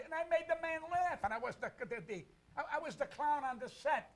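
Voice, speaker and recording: A man's voice: extremely high pitch, expressive, brisk, few pauses. An older man, a comedian guest, telling brash, boastful comic stories and repeating lines for the punch. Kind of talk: comic storytelling.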